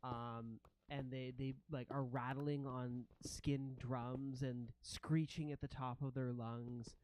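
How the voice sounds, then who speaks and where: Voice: medium pitch, slow pace, slight background noise. A game master narrating a tabletop role-playing scene in an easygoing way, with frequent restarts. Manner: relaxed, with hesitant restarts.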